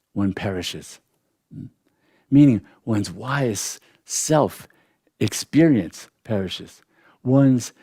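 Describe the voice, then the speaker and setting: An older man teaches meditation in a reflective, unhurried way. His mellow voice rises and falls with lively pitch, and he drops in soft thoughtful hums between points. The sound is dry and close. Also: dry recording. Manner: reflective, with soft "mm" and "hmm" pauses. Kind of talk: spiritual teaching talk.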